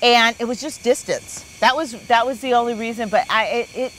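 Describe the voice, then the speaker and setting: A woman in her fifties, a therapist hosting, telling a personal story in a relaxed, animated chat. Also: fairly high pitch, brisk, a little hiss or hum. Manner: chatty, animated storyteller with many "like"s. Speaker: therapist and host.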